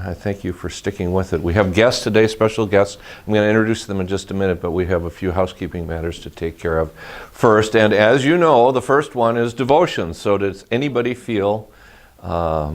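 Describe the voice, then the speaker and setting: A man leading a group training session, talking conversationally and pausing with frequent fillers. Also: on the low side. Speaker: training leader.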